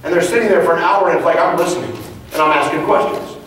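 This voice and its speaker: A man's voice: fairly high pitch, quick pace, fairly bright tone, a little hiss or hum. A man leading a live leadership training talk to an audience, emphatic and conversational, acting out little dialogues. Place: large meeting room before an audience. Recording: very echoey room, distant mic, faint ambience.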